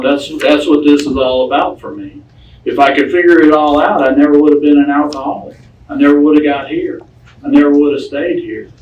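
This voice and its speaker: Man in recovery telling his story, folksy and plain-spoken, mid-pitched, heard from off-mic in an echoey room with faint noise. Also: recorded from a distance. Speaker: recovery speaker. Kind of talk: personal recovery talk to a group.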